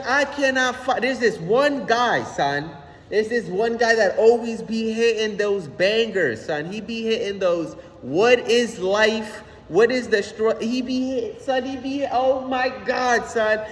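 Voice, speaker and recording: A young man ranting casually on his own channel, animated and slangy, swearing often and repeating "son". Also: sits high, big-room sound. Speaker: vlogger. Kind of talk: casual rant.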